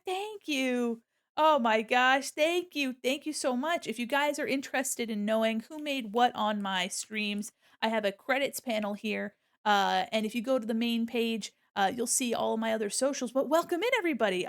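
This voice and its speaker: A young woman streaming as an illustrator, chatting casually with bubbly, giggly greetings to her viewers. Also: high-pitched. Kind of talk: casual livestream chat.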